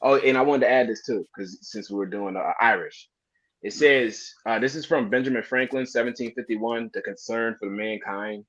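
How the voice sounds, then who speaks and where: A man's voice: mid-range voice, normal speed, a bit bright. A laid-back man in casual podcast talk, sharing references and reading passages aloud. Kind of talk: casual chat. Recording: dull lo-fi audio.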